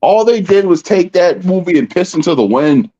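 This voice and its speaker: A man's voice: high voice, big pitch swings, normal speed, dark tone. On a dull, lo-fi recording, a man co-hosts a podcast with a hugely swinging voice. He teases and needles his partner with dry put-downs. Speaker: podcast co-host. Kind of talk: casual podcast chat. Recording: dull lo-fi sound.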